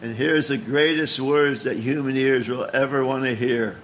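A man's voice: medium pitch, steady tone, normal speed, a bit bright, slight background noise. A man preaching a sermon in an earnest, emphatic way, often stumbling and restarting words.

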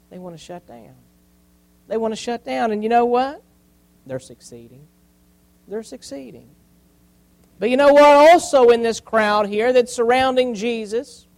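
A man preaching a sermon as a pastor, repeating key phrases and dropping from loud emphasis to near quiet. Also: very high-pitched, low-quality recording.

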